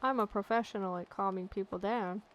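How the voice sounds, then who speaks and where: A woman's voice: medium pitch, fairly quick, highs cut off, slight background noise. A woman casually commenting on her gameplay with joking, chatty asides into a desk mic. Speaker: let's play gamer.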